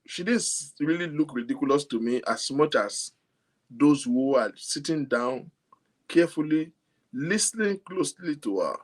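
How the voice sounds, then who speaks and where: A man's voice: a little high, lively intonation, normal speed. Amused Nigerian man vlogging. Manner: amused, incredulous, laughs often. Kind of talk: casual commentary to camera.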